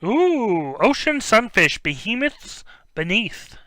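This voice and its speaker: A man's voice: sits high, takes it slowly, dry recording. A young man hosting a card break, chatting casually as he opens packs and reads off player names, stumbling over words now and then. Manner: rambling, stumbles over names, bursts of excitement. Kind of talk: casual live-stream chat while opening cards.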